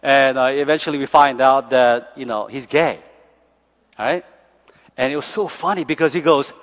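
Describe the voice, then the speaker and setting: A man's voice: mid-range voice, moderate pace, a bit bright. A man in his forties, a pastor, preaching a sermon as chatty stories, often laughing and asking "right?". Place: church. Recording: echoey church hall.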